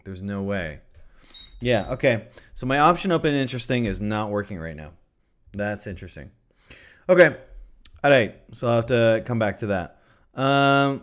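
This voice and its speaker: A man hosting a live trading stream, chatting casually and thinking aloud, often repeating his phrases. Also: on the low side. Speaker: trading livestream host. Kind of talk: casual livestream market analysis.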